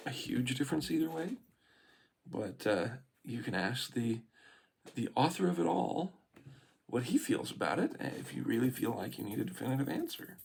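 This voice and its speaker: A man's voice: medium pitch, gravelly, a little mellow, breathy edge. A man reading scripture aloud and then musing over it in casual commentary, with many fillers and restarts. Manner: reads slowly, then muses with fillers and restarts.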